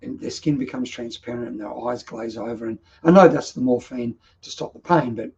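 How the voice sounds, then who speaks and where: A man's voice: mid-range voice, fairly quick, darkish tone, dull audio. A middle-aged Australian man telling personal stories as a vlog host, in an earnest, emotional and reflective way. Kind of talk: personal storytelling monologue.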